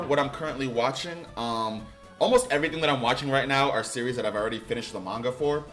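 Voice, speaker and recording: A man streaming a game, thinking out loud in a loose, rambling way and now and then bursting into loud excitement. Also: medium pitch, fast talker, soft background music. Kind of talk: casual game commentary.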